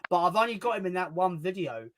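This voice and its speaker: A man's voice: high-pitched, sing-song, quick pace, a crowd in the background, rough recording. A man co-hosting a casual stream, chatting in a rambling, sweary way. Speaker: stream co-host. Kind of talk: casual chat. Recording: loud background noise.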